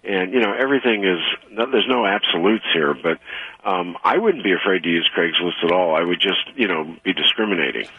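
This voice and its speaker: Husky man, phone-like radio audio. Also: deep voice, brisk, no echo. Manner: storytelling, chatty with fillers. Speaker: veterinarian guest. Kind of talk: call-in radio talk.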